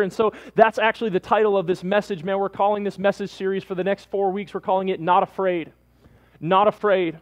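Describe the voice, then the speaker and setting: A man's voice: high-pitched, dull audio. A male pastor delivering a sermon to listeners at home, repeating his points for emphasis and often calling them "man".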